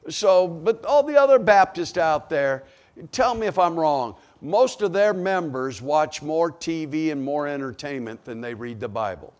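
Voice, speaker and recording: Slow, lively-pitched preaching man. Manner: preaching with rhetorical questions to a congregation. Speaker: pastor. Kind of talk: sermon.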